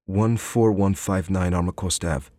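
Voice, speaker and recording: A man's voice: deep voice, steady tone, a little slow, dark tone, no room sound, studio quality. A man reading an audiobook, voicing a defensive young man who gives terse, hesitant answers under questioning. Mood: guarded. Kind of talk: audiobook character voice.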